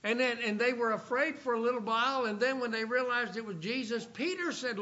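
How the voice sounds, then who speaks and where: A man preaching a sermon, reading scripture aloud and slowing down for emphasis. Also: very high-pitched, bright, forceful tone. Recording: dull lo-fi recording.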